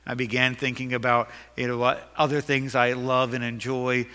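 A man's voice: medium pitch, little pitch movement, moderate pace, sharp tone, clear, resonant tone, long reverb tail. A man preaching a sermon as pastor, earnest and emphatic, with self-deprecating jokes.

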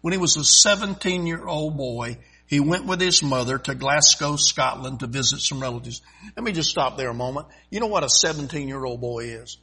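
A middle-aged man preaching a sermon in a folksy, emphatic way, swelling loud and stretching out key phrases. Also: medium pitch, fairly quick, husky, rough recording.

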